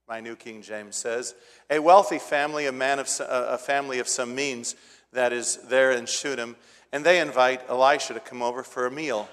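A man with a mid-range, slightly bright voice preaches a sermon, casually retelling a scripture story and building to emphatic points. Long hall reverb trails behind him.

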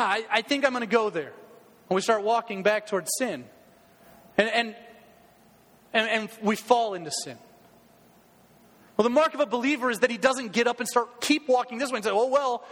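A man's voice: very high-pitched, fairly bright tone, long reverb tail. A man preaching a sermon as pastor in a church, urging his listeners earnestly and repeating his calls to action.

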